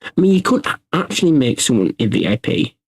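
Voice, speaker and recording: A man talks casually to his livestream viewers at a middle pitch. He rambles and thinks out loud, often restarting his sentences. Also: very animated, a little fast, vocal fry, breathy edge, low-quality recording. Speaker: streamer hosting a workshop.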